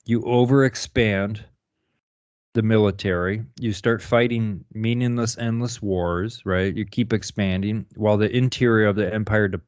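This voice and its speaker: A man with a fairly low voice rambles through a podcast chat, swearing freely and laughing at his own points. The sound is dry and dull, like a cheap lo-fi recording with no room to it. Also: steady tone, moderate pace, darkish tone, no room sound. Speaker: podcast co-host. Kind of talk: casual profane chat.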